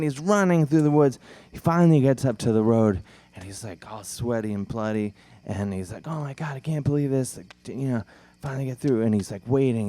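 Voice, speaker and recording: A man's voice: fairly low pitch, dark tone. A man telling a rambling campfire story, laughing as he goes and briefly acting out the characters. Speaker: film director telling a story. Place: outdoor campfire event.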